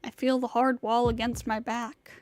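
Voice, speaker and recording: A woman streamer reading a visual novel aloud in measured, dramatic first-person narration, over music. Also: on the high side, flat delivery, darkish tone, slight background noise. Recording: music playing behind.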